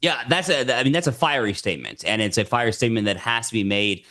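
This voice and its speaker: A man's voice: medium pitch, animated, pushed and bright. A man appearing as a political commentator on a TV news panel, indignant and full of restarts. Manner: fast, indignant, many restarts. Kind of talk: TV news discussion.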